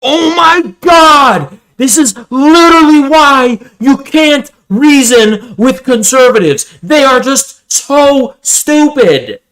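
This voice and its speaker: A man voicing a whiny, condescending young male pundit who is shrill, exasperated and insulting. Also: lively intonation, slow pace, hardly any pauses, fairly bright tone, heavily acted, low-quality recording.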